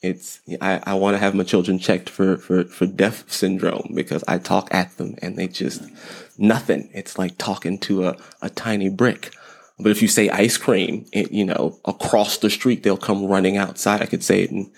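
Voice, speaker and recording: Podcast host, a man in his thirties, low and gravelly, rambles through parenting advice with self-deprecating jokes. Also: little pitch movement, normal speed. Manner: rambling, repeats words, light self-deprecating humor. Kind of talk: casual parenting advice monologue.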